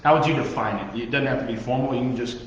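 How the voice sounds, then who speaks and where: A young man with a mid-range voice leads a casual Bible teaching as a youth pastor, talking conversationally, quizzing his listeners, and poking fun at himself. He speaks at a quick pace. The recording has a slight hiss or hum and sounds muffled, as if captured in an echoey hall.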